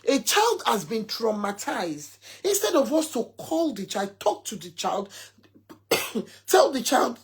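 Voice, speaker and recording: Husky woman telling a story. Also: a little high, sing-song, slow. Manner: emphatic storytelling, quoting her son at length. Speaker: mother sharing a story. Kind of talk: casual talk to followers.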